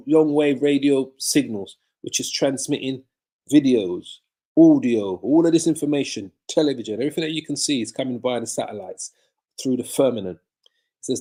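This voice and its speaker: A man's voice: mid-range voice, mellow, husky. A man preaching a sermon-style Bible lesson on a live video from his home. He asks rhetorical questions, answers them himself, and repeats phrases for emphasis.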